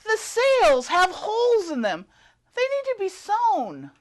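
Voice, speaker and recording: Sweet earnest pirate lady, super high, slow. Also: huge pitch swings. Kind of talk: improvised pirate comedy skit.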